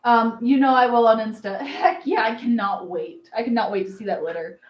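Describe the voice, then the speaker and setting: Woman, 30s, livestream host; chatty, filler-heavy, affectionate, slightly high voice in a roomy space. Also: brisk, muffled recording. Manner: chatty and rambling, many fillers and laughs; doting on her dog. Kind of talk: casual livestream chat.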